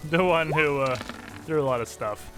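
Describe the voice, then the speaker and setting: A man's voice: a little high, normal speed, a bit bright, soft background music. A man narrating a tabletop fantasy game as game master, laughing often as he describes the action.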